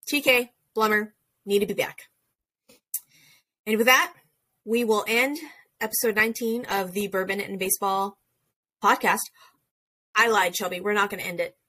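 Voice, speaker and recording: A woman co-hosting a podcast, chatting in a bubbly, excitable way. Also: mid-range voice. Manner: bubbly, exclaims and restarts often. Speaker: podcast co-host. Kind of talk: casual podcast chat.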